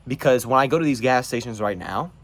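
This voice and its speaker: A man's voice: mid-range voice, lively intonation, fast talker. A man from North Carolina, hosting his own show and delivering an emphatic, preachy monologue. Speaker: show host. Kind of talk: political monologue.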